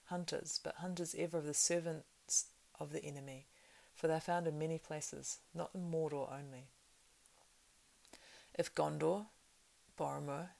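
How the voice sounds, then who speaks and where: Grave male ranger, read by a woman; low, gravelly, measured and solemn storybook delivery. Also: darkish tone. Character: weathered grave male ranger, heir of kings.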